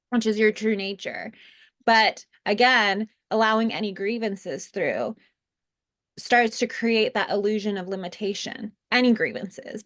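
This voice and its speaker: A woman co-hosting a spiritual lesson, talking earnestly in a casual way with fillers and restarts. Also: mid-range voice. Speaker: co-host teaching a spiritual lesson. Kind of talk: casual spoken teaching.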